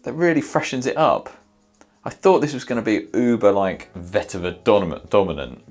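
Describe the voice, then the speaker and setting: Deep-voiced male reviewer, hesitant, thinking aloud, faint music bed. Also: normal speed, darkish tone. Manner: sniffs and reacts in the moment. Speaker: fragrance reviewer. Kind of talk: casual product review.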